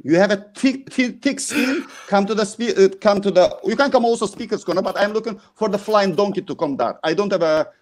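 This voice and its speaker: High-voiced man, halting fervent speech. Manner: halting, many fillers, non-native grammar; forceful, mocking. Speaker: guest speaker. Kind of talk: impassioned live-stream testimony.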